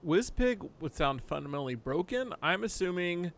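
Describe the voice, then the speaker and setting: A man's voice: sits high, big pitch swings, vocal fry, a bit bright. A man playing as a contestant on a podcast game show, chatting casually, laughing easily and restarting his sentences. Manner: laughs easily, hesitant restarts before going quick.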